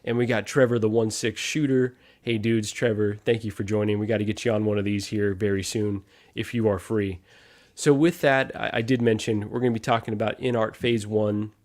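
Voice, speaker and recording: A man's voice: lowish voice, steady tone, a little fast, darkish tone. A man hosting a casual live stream, upbeat, greeting viewers one by one and chatting with co-hosts.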